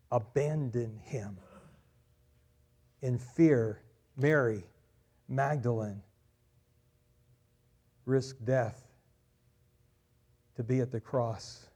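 A male pastor preaching a sermon, swelling loud on key phrases and dropping quiet after them. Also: medium pitch, very slow, long pauses.

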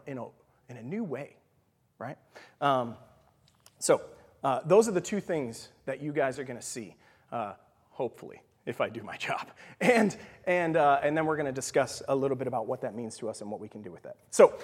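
Guy doing a chatty bible teaching, lively up and down voice, keeps saying right?, whispers for emphasis. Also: medium pitch, slightly rough. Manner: animated, leans on "right?" and "okay?". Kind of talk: conversational sermon teaching. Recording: long hall reverb.

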